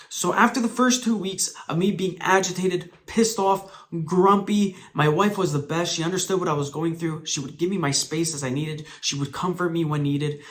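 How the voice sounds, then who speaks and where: A man's voice: on the high side, fairly bright tone. A man telling a personal story in a vlog, earnest and emphatic, talking straight to his viewers. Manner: emphatic, swearing at times. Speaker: vlogger.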